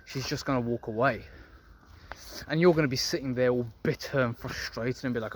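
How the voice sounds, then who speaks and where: Fairly quick and mid-range, this young man's voice comes with a little hiss or hum. The men's self-improvement vlogger lectures viewers on dating to camera, addressing them as gentlemen in a blunt, profane, preachy way.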